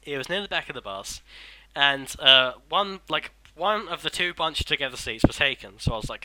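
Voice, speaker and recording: A man's voice: a little high, animated, moderate pace, sharp tone, a little hiss or hum, low-quality recording. A young man rambling through casual chat, swearing often and restarting his sentences.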